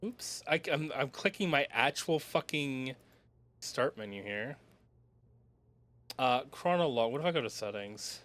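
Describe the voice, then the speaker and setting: A man's voice: mid-range voice, expressive, unhurried, pauses often, a bit bright. Rambling, swearing young gamer guy. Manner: rambling, swears often, mutters to himself. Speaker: streamer playing a video game. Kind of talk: casual let's-play commentary. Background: game music.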